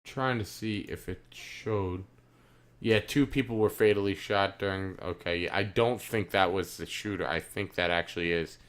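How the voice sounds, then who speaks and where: A man co-hosting a casual gaming podcast, swearing a lot and swinging between loud outbursts and low muttering. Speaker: podcast co-host. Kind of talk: casual chat.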